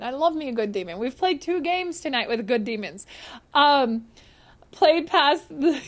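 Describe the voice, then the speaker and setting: Live-streaming a horror game, this young woman keeps up a chat with her audience, swearing readily and startling easily into shrieks and laughter. She sounds high-pitched and animated.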